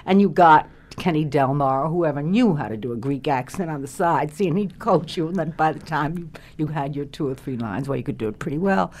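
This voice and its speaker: A woman's voice: deep voice, brisk, hardly any pauses, darkish tone. An older woman, a former radio actress, reminiscing in an interview as a chatty storyteller who laughs often.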